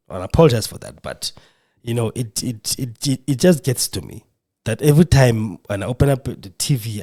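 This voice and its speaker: A man's voice: fairly low pitch, a little mellow, slightly rough. A man hosting a podcast, speaking in an impassioned, emotional monologue with a preacher's fervor. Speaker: podcast host. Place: radio studio.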